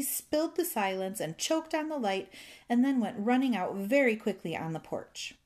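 A woman reading a children's fairy tale aloud in a gentle, rhythmic way, savoring its repetitions. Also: fairly high pitch, expressive, moderate pace. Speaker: storyteller.

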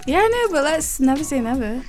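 A woman's voice: sits high, very animated, a little fast, darkish tone, soft background music. A woman in her twenties with a London accent, co-hosting a casual chat and teasing her friend with dry banter. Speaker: podcast co-host.

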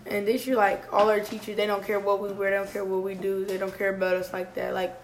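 A woman's voice: mid-range voice, monotone, fast talker, slight background noise, rough recording. A teenage girl on a talk show panel, speaking earnestly about school. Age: teens. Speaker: panel guest.

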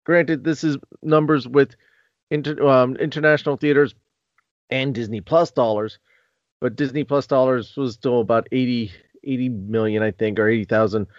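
Chatty podcast host, dull dry sound. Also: male voice, medium pitch, steady tone, normal speed, no echo. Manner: chatty, rambling with restarts. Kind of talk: casual podcast chat.

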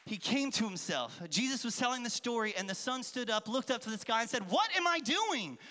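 A man in his thirties, a children's pastor, gives a lively, playful sermon to a crowd of kids, acting out voices. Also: very high-pitched, brisk, slight background noise. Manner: animated, playful, acts out voices and calls to the crowd. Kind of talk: lively kids' church sermon with storytelling. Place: large church hall with an audience. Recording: long hall reverb.

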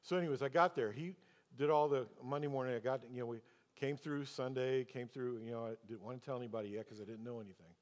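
A man preaching a sermon as a pastor tells a personal story, then presses the congregation with rhetorical questions. His medium-pitched voice is fast, and the recording carries a long hall reverb.

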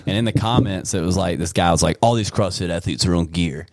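A man co-hosting a casual podcast, telling stories in an animated way and laughing often. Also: low-pitched, fast talker, creaky, dry recording, clean studio sound. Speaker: podcast co-host.

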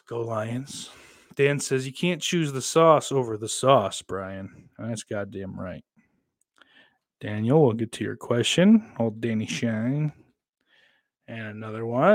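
A young man hosting a live stream in a loose, rambling way, cursing constantly. His delivery swings between loud ranting outbursts and low, subdued mumbling. His voice sits at an ordinary middle pitch for a man. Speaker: streamer host. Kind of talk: casual live-stream commentary.

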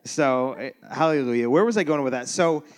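A man's voice: mid-range voice, brisk. A man preaching a sermon as pastor, loose and joking, with many restarts. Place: church sanctuary.

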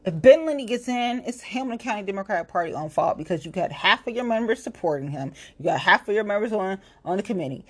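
A woman's voice: mid-range voice, lively intonation, fast talker, few pauses, husky. A woman from Ohio, a local political activist, delivering a blunt, profane, confrontational rant to the camera. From Ohio, USA.

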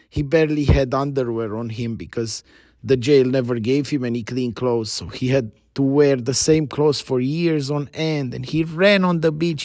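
A man narrating a story in a casual, animated, chatty way. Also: medium pitch, no echo, clean studio sound.

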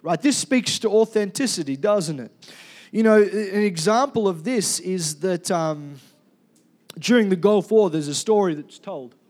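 Male pastor, high voice, loud and energetic sermon delivery. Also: measured pace. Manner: energetic, loud, calls for congregation responses.

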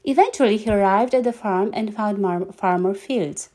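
A woman reading a children's story aloud, lively and animated, giggling now and then. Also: mid-range voice, moderate pace.

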